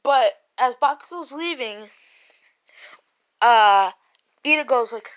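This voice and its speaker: A woman's voice: a little high, expressive, slow pace, pauses often, clear, resonant tone. A woman casually retelling a fan story in a rambling, profane way, often laughing and correcting herself.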